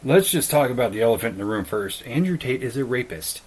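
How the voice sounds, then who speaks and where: A man co-hosting a podcast in casual chat, blunt and profane, mocking people with quick put-on quotes. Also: mid-range voice, animated, a little mellow, husky, low-quality recording. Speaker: podcast co-host.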